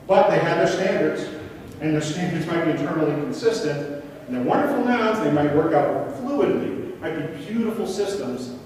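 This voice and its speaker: A man's voice: a little high, recorded from a distance, a little hiss or hum. Man presenting in an echoey hall. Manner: questions the audience, rhetorical and animated. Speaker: conference speaker. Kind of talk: interactive conference presentation. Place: conference hall. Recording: echoey hall, recorded from afar.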